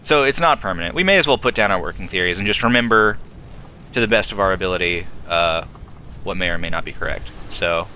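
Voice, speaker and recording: A man's voice: fairly low pitch, animated, brisk, sharp tone, slight background noise. A man playing a game and thinking aloud in casual commentary, working through clues step by step. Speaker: let's play host. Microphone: desktop streaming mic with filters.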